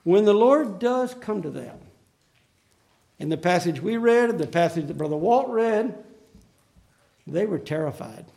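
A man preaching a sermon in an earnest, emphatic way, slowing down to stress key phrases. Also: high-pitched, expressive, creaky, warm tone.

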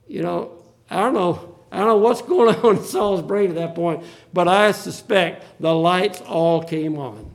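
A man's voice: on the high side, creaky. A male pastor preaching a sermon, acting out the Bible quotes with drama.

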